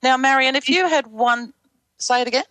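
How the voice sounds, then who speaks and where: A woman's voice: high voice, normal speed, a bit bright, dry recording. A woman hosting a radio talk show as a psychic, encouraging her guest in a gushing, friendly way. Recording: music playing behind.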